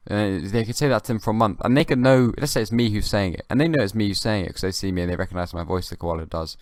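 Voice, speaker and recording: A young man hosting his own comedy podcast, rambling in a halting, dry way with many restarts. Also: lowish voice, darkish tone, no room sound. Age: young adult. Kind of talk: rambling comic monologue.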